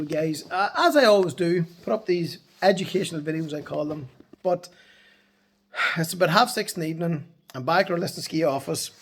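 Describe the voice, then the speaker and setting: A man giving a casual talk to camera from his office in the evening. He speaks bluntly and emphatically as a transport compliance consultant, swearing freely. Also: on the high side.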